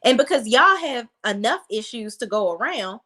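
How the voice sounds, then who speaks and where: A woman's voice: fairly high pitch, very animated, normal speed, pushed and bright. A woman hosting a reality TV review, recapping an episode in blunt, sassy casual commentary. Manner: blunt, sassy, talks straight to viewers.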